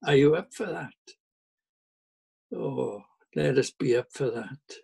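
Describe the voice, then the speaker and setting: An older man, preaching a sermon as pastor in an earnest, unhurried way and acting out the people he quotes. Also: medium pitch, a little mellow, poor audio. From Wales. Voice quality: gravelly, husky.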